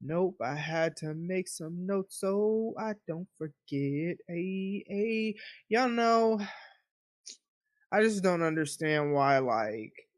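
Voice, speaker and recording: A woman hosting her own podcast, telling stories in an animated, chatty way and acting out her own inner voice. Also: on the low side, drawn-out words, no echo, clean studio sound. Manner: chatty, animated storytelling with quoted self-talk. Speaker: podcast host. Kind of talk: casual solo podcast monologue. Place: apartment.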